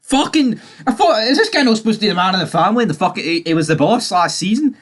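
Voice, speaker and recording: A man's voice: sits high, lively intonation, quick pace, a bit bright. Sweary man recapping a show. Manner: sweary, opinionated, mocking. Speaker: TV series recapper. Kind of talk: casual TV recap.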